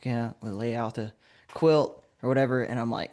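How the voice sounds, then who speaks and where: Male podcast guest, grew up in Alabama, mid-range voice, spins an anecdote with lively laughs. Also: mid-range voice, normal speed. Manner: lively anecdote telling, laughs while talking. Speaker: podcast guest, game designer. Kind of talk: casual conversational storytelling.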